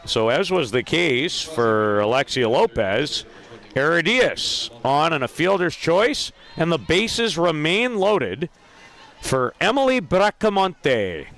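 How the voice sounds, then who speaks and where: A man calling a softball game play by play, lively, with self-deprecating asides about player names. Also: on the high side, slow pace. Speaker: play-by-play announcer. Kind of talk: sports commentary.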